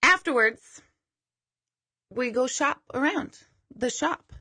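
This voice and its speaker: Chatty bright-voiced woman. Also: high voice, expressive, slow, husky. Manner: chatty, self-deprecating, swears casually. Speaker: psychic medium host of a live stream. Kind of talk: casual live-stream chat.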